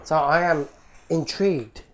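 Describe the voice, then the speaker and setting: A man hosting a toy car channel, chatting casually and excitedly as he opens fan mail, laughing often. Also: a little high, measured pace, slight background noise. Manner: excitable, laughs often, talks to himself while opening parcels. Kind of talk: casual unboxing commentary.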